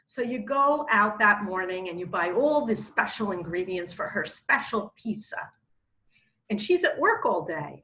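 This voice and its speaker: Animated, bright-voiced woman teaching. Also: mid-range voice, poor audio. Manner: animated, expressive storytelling. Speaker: spiritual teacher. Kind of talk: casual spiritual talk.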